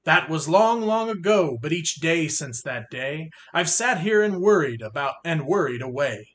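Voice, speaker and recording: A man reading a rhyming picture book aloud with expressive, sing-song delivery. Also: on the high side, moderate pace. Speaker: reader.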